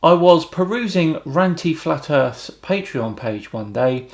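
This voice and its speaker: A British man hosting a YouTube channel, reading out viewer comments and answering them with wry, deadpan remarks. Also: a little high, takes it slowly. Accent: British English. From Britain.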